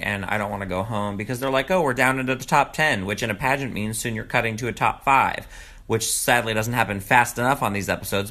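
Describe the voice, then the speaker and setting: A man giving a casual, gossipy recap of a reality dating show, sometimes jumping up high in pitch to mock the contestants. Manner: animated, gossipy, swings into high mocking quotes. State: groggy morning voice. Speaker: recap vlogger. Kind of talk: casual commentary.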